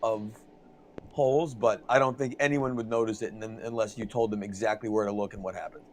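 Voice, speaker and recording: A man's voice: fairly low pitch, fairly even intonation, brisk, no echo. A man chatting casually as a podcast guest, easygoing and chiming in with short remarks. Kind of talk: casual chat.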